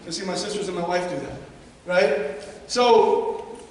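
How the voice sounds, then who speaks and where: A high-voiced man, a guest speaker at a youth baseball seminar, gives an energetic motivational talk to players and parents, speaking a little slowly and asking the audience questions. He's recorded in an echoey hall with the mic far off.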